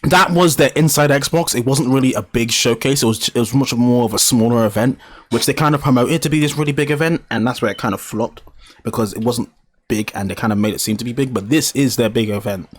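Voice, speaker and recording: A man's voice: medium pitch, a little fast. A man hosting a casual podcast, rambling with fillers and self-corrections. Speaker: podcast host. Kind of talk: casual chat.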